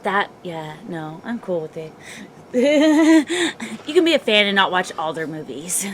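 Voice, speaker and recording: A woman's voice: mid-range voice, big pitch swings, a little slow, a little hiss or hum. A woman co-hosting a casual comedic chat, blunt and swearing, laughing a lot. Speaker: co-host.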